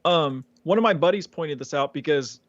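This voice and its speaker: A man's voice: a little high, moderate pace, dry recording, muffled recording. A man co-hosting a podcast in casual discussion, hesitant and full of fillers. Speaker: podcast co-host.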